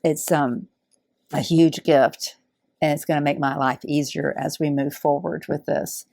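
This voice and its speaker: A middle-aged woman, warmly unboxing donated fabric in heartfelt, awed casual chat. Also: low voice, fairly even intonation, a little slow, vocal fry, no room sound, studio quality. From Alabama. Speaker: quilting channel host.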